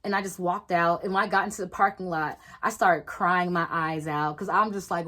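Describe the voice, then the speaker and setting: A young woman vlogger telling a storytime, swearing freely and acting out everyone's lines in lively voices. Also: on the low side, normal speed, few pauses, rough recording. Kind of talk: storytime vlog.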